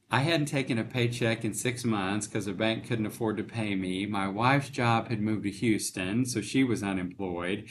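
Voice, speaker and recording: A man's voice: fairly low pitch, fairly even intonation, moderate pace, hardly any pauses, a little hiss or hum. A middle-aged man, a bank CEO, earnestly telling a personal faith story in an interview and acting out the dialogue. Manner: earnest storytelling, emotional, acts out quoted dialogue. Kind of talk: conversational testimony in an interview.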